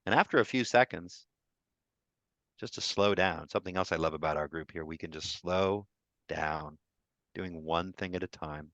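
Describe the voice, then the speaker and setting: A man's voice: sits low, normal speed, a bit bright, dry recording, dull audio. A man, a grief therapist, sharing openly and emotionally on a video call, often restarting his sentences. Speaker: co-host of a mindfulness support group.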